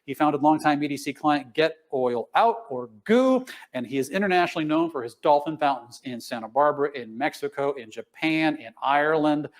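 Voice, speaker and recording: A man with a slightly high voice hosts a charity auction stream, calling bids and pitching each lot. He keeps it upbeat and jokey, teasing the bidders as he goes. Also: expressive, fairly quick, few pauses. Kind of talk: livestreamed benefit auction patter.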